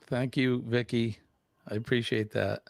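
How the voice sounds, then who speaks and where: A man's voice: mid-range voice, level tone, a little slow, vocal fry, no room sound. An older man hosting a casual live stream, chatting and reading viewer comments aloud with lots of fillers.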